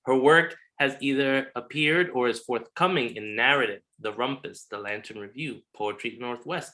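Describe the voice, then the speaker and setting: A man hosts an online poetry reading with an upbeat, chatty manner full of casual slang. His voice has a bright, forceful tone, and his pitch sits in the middle range. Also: normal speed, few pauses. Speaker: host. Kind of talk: event hosting. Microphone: video call.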